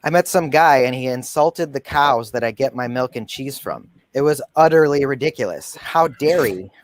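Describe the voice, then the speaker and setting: A man competing in a pun contest, telling his jokes in a deadpan way with some fillers. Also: mid-range voice, moderate pace, dry recording. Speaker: comedy contestant.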